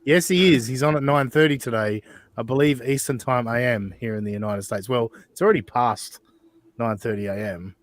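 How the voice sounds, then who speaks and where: A man's voice: mid-range voice, fairly quick, dry recording. A man hosting a podcast, chatting loosely and swearing as he reads chat and banters with guests. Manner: loose, profane, laughing banter. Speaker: podcast host.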